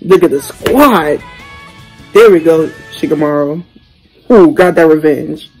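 A young man hosting a reaction video, talking casually and excitedly in slang, exclaiming and chatting as he watches. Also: on the high side, takes it slowly, soft background music, rough recording. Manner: exclamatory, slangy, keeps saying "bro".

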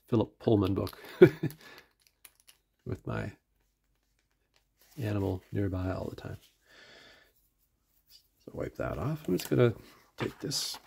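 A man's voice: lowish voice, creaky, dark tone, husky. A middle-aged man with an Atlantic Canadian accent, reviewing a pen in a casual, rambling way full of fillers and restarts, sometimes drifting from the mic.

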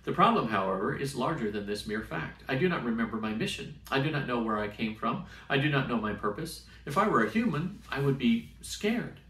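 A man's voice: mid-range voice, expressive, a little fast, few pauses, fairly bright tone, close to an everyday voice. A man reading aloud and voicing a polite, literal-minded starship AI in a formal, precise and fretful manner. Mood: worried. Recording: roomy sound from a distant mic.

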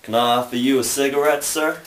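A man's voice: medium pitch, steady tone, a little fast, voice pushed up, lightly acted. A man putting on a drawling Southern bartender. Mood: folksy. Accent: put-on American Southern drawl. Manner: drawling, courtly, calls people sir and son. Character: folksy old-timey male Southern bartender. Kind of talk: amateur comedy sketch acting. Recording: roomy, distant camera mic, faint noise.

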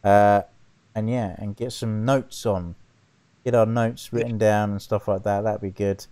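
A man hosting a casual live stream chat, relaxed and rambling with plenty of fillers. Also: on the low side, unhurried. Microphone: video call setup.

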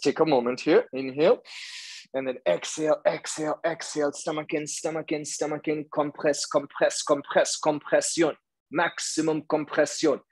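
A man's voice: a little high, low-quality recording. Firm male yoga teacher counting poses. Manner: firm, rhythmic commands and counting. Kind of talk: hot yoga class instruction. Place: yoga studio.

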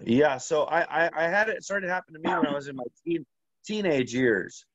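Man, slightly high voice, rambling casual storytelling, halting restarts, dry dull audio. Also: expressive, a bit bright, no echo. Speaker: interview guest.

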